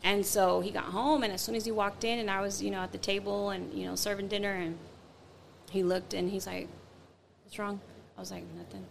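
A woman's voice: medium pitch, brisk, vocal fry, slight background noise. A woman telling a personal story in casual chat, acting out the quotes with lots of fillers. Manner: animated, acts out quotes, many fillers.

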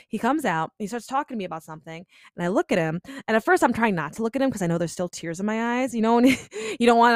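A woman's voice: mid-range voice, no echo. Chatty young woman, dry close sound. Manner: chatty, confessional, many "like" and "you know" fillers. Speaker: podcast host. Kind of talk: personal storytelling.

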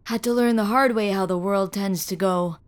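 A woman's voice: mid-range voice, moderate pace, natural voice. A woman voicing a frail, dying older man who talks in a folksy, weary way, sighing and coughing, in a single-reader audio story. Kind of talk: audio fiction reading.

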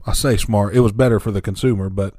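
A man's voice: fairly low pitch, fairly even intonation, fast, dark tone, no room sound, clean studio sound. A young man telling stories in casual chat with friends, laid-back, swearing and saying dude.

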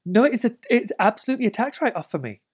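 A woman in her late thirties telling stories as an interview guest, animated, laughing often and swearing freely. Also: a little high, fast talker, husky. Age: late 30s. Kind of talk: casual storytelling.

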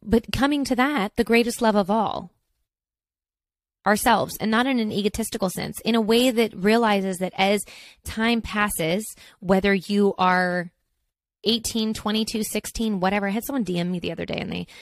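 A woman's voice: medium pitch, normal speed, dry recording. A woman in her thirties hosting her own podcast, talking casually in a rambling, chatty way with lots of asides. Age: 30s. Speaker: podcast host. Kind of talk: casual solo podcast chat.

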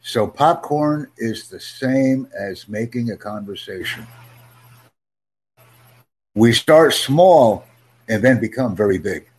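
A man teaching an English conversation lesson over a video call, upbeat and encouraging, speaking in simple, slowed-down phrases. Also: on the low side, slightly rough. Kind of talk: live online English lesson.

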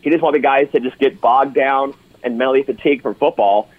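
Husky-voiced male co-host, enthusiastic storyteller, muffled audio. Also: mid-range voice, fairly quick. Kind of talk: casual sports talk.

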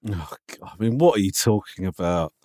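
Skeptical podcast guy, talks fast, dry close mic, stumbly restarts. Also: low-pitched, expressive, dark tone, no echo. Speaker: podcast co-host. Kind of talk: casual chat.

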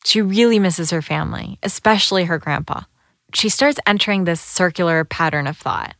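A woman narrates a documentary story in a calm, measured way, her voice sitting a little low. The sound is dry and close, as if recorded in a studio booth. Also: dry recording.

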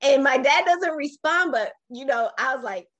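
A woman in her forties, a podcast interview guest, telling her own life story in an animated, emotional way with frequent restarts. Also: high-pitched, moderate pace, muffled recording.

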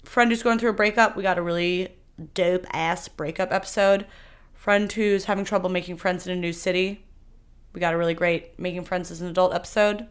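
A woman's voice: on the low side, brisk, smooth. Candid young woman hosting a podcast. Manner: candid, animated, swings loud and soft. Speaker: podcast host. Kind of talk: solo podcast chat.

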